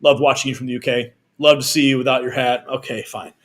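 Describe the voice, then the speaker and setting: A man hosting a live political news stream, reading out viewer donations and messages in a chatty, energetic manner. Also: mid-range voice. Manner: energetic, chatty, reads viewer messages aloud with quick asides.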